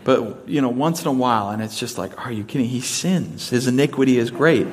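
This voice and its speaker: A man's voice: medium pitch, lively intonation, moderate pace, a crowd in the background. A man preaching a sermon in a casual, conversational way, mixing humor into it. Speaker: pastor.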